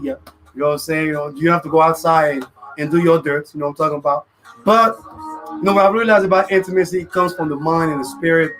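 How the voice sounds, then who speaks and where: A man's voice: a little high, fairly bright tone, low-quality recording. A man hosting a live radio show, talking loosely and casually, full of "you know what I'm saying" fillers.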